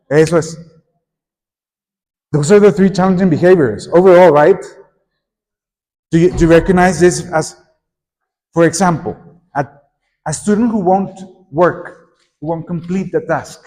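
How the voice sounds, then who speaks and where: A middle-aged man leads a workshop for teachers, lively and prompting the audience to repeat and join in. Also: on the high side, a little slow, long pauses. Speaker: teacher trainer. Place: conference room at a teachers' meeting. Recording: echoey conference hall.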